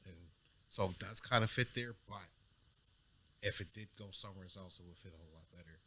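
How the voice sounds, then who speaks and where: Low-voiced man co-hosting a podcast. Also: brisk, a little hiss or hum. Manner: relaxed, keeps asking "you know what I mean?". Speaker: podcast co-host. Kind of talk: casual music review chat.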